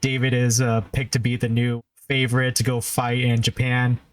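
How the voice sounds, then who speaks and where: A man's voice: mid-range voice, monotone, normal speed. Laid-back man recapping in casual chat. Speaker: podcast co-host.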